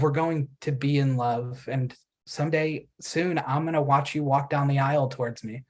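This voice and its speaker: A man pitching his screenplay to a panel at a festival event. He tells it as a vivid story and lends each character's quoted lines a touch of acting. His voice sits at an ordinary middle pitch. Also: fairly even intonation, normal speed, darkish tone.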